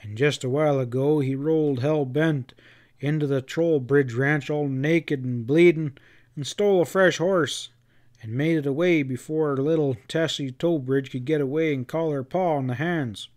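A grim, angry leader of a frontier posse, played by a man reading aloud speaks in blunt, threatening folksy words. The voice sits a touch high. It reads like a storybook western. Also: normal speed, a little mellow, close to an everyday voice.

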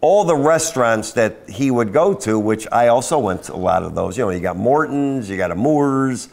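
Rambling, lively male storyteller. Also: medium pitch, moderate pace, creaky. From Florida. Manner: rambling, animated storyteller with frequent asides. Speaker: podcast co-host. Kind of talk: casual storytelling chat.

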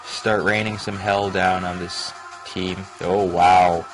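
A man hosting a let's play, giving rambling gameplay commentary with excitable reactions. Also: sits low, takes it slowly, poor audio. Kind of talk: gaming commentary. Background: game music.

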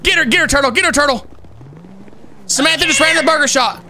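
A man streaming an online role-play game as a police officer, excitable and loud, swinging between shouting and mumbling. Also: very high voice, quick pace, very noisy.

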